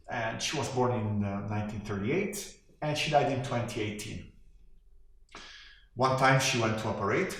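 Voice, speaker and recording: A bitter, washed-up male horse, played by an actor, mocks his own grief in a dry, deadpan drawl. His voice sits at an ordinary male pitch. It rings around a very echoey room. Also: close to an everyday voice. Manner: sardonic, deadpan, self-deprecating. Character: cynical washed-up male horse sitcom star, middle-aged. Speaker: actor performing a eulogy monologue. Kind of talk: comic monologue performance.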